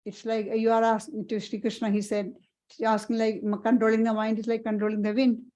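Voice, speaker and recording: Woman, monastic teacher, earnest halting talk, slightly high mellow voice. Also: monotone, highs cut off. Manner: earnest, halting, repeats and restarts phrases. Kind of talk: spiritual parlour talk.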